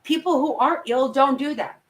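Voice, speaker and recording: A woman's voice: high voice, brisk, low-quality recording. A woman giving angry, blunt, profane commentary as a vlogger, talking straight to her viewers. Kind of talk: opinionated live commentary.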